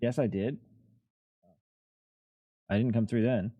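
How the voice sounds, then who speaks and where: Young male streamer, casual and sweary, dry close headset sound, mid-pitched. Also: fairly even intonation, slow, dark tone, husky, no echo, lo-fi sound. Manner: swears freely, rambling and laid-back. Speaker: live streamer. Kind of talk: casual live-stream chat.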